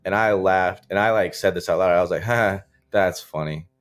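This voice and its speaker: Casting note: young man from Florida, very low voice, relaxed rambling storyteller, interview guest. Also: quick pace. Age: young adult. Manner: loose, filler-heavy, frequent likes and restarts. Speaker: guest, college football player.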